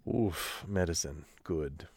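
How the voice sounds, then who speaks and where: A man co-hosting a podcast in casual chat, animated and quick to laugh. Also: deep voice, vocal fry, no room sound, clean studio sound. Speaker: podcast co-host. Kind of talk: casual chat about card and video games.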